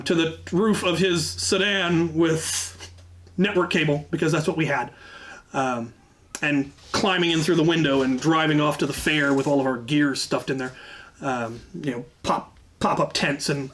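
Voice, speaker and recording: A man hosting his own channel, telling an anecdote in a casual, lively way with frequent asides. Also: fairly high pitch. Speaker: channel host telling a story. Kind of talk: casual storytelling.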